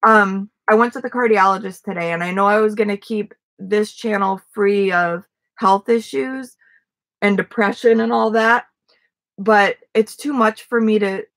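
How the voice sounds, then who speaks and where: A woman's voice: on the high side, fairly bright tone. A middle-aged woman chatting casually on a livestream from a front yard, rambling with many fillers and restarts. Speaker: vlogger.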